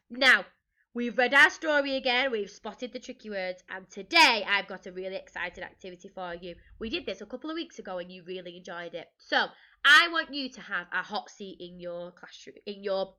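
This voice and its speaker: A woman teacher from England reading a storybook aloud to young children, lively and expressive, with gasps and questions to the listeners. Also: mid-range voice, moderate pace, dull audio.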